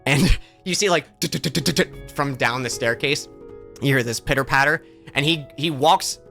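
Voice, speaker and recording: A man narrating a tabletop game as game master, halting and restarting often. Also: mid-range voice, gravelly, pushed and bright, faint music behind. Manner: halting, with many fillers and restarts.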